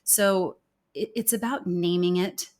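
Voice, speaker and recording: A woman's voice: on the low side, fairly even intonation, measured pace, darkish tone. A woman, a communication consultant, earnestly explaining her views as a guest in an interview conversation. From United States. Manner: earnest, explanatory, acts out quoted speech.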